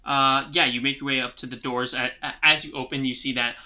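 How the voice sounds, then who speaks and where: A man narrating as game master in a tabletop game, relaxed and halting with lots of filler pauses. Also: medium pitch. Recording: tinny phone-like sound.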